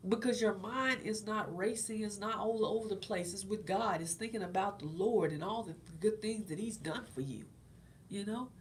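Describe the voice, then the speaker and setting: A middle-aged woman speaks at medium pitch and a moderate pace over slight background noise. On her own channel, she talks casually and encouragingly about faith, frequently repeating her points.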